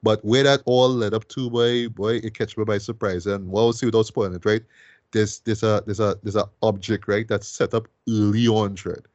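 A man's voice: lowish voice, fairly even intonation, moderate pace, a little mellow, no room sound, muffled recording. A man hosting a film review podcast, talking eagerly and tagging lines with "right?" and "boy". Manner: enthusiastic, many fillers like "right?" and "boy". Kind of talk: casual film review chat.

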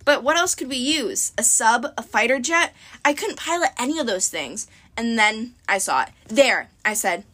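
A woman's voice: on the high side, very animated, normal speed, bright, forceful tone. A woman narrating an audiobook expressively in the first person. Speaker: audiobook reader.

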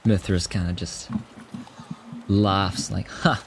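A man playing a tabletop game who narrates his character's moves in a slow, drawn-out way. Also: low-pitched, a little mellow, slight background noise. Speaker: player.

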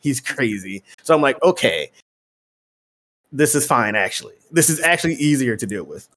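A man hosting a podcast tells a long, casual story in a mid-range voice at normal speed. He swears freely and brings the conversations to life by acting out both sides.

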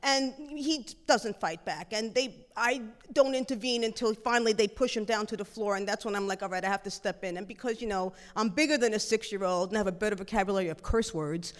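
A middle-aged woman telling a personal story in a lively, animated way, jumping into acted-out dialogue. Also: medium pitch, a little fast, few pauses, big-room sound.

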